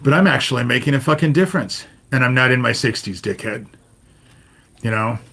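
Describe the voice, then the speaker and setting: A man's voice: mid-range voice, fast, fairly bright tone. A man in his fifties ranting on his own livestream, swearing heavily, talking straight at viewers and ending lines with "you know?". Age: 50s. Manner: swears constantly, addresses viewers directly, repeats "you know?". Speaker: livestream host. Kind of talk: profane livestream rant to chat.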